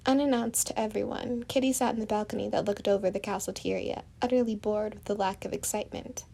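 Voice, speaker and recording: A woman narrating a fan-written story in a steady, descriptive way. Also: medium pitch, fast, creaky, breathy edge. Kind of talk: storybook reading of fan fiction.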